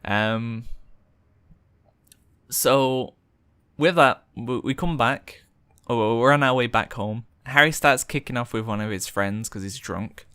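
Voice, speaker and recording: A young man tells a rambling story in a loose, chatty way, full of fillers. His voice is forceful and bright, and the sound is dry and close. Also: mid-range voice, takes it slowly, clear, resonant tone, no echo. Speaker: streamer. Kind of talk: casual storytelling while gaming.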